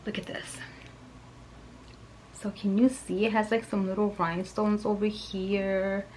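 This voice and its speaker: A woman reviewing perfume in a vlog, gushing and excitable, with soft whispered asides. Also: mid-range voice, measured pace, pauses often, slight background noise, low-quality recording. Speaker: fragrance reviewer.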